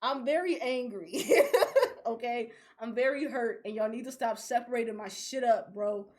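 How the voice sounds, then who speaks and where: A young woman, co-hosting a casual podcast, ranting in an animated, profane way and laughing often. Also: on the high side, normal speed. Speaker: podcast co-host.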